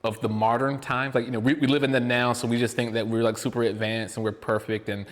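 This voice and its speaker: A man co-hosting a podcast in casual chat, rambling and excitable, prone to tangents. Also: medium pitch, quick pace, big-room sound. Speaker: podcast co-host.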